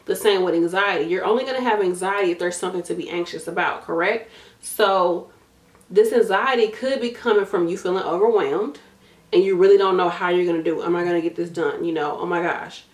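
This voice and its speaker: Speaking fairly quickly in a lowish voice from an echoey room, a tired woman gives study tips on her nursing YouTube channel. Her coaching is blunt and casual, full of "y'all," "gonna," and repetition to drive points home.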